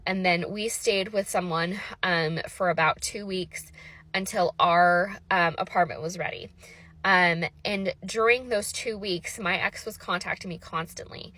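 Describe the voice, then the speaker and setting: Bright-voiced woman telling her story. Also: on the low side, steady tone. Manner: fast, emotional retelling with lots of quoted dialogue and "like" fillers. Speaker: storyteller sharing her own experience. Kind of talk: casual personal storytelling.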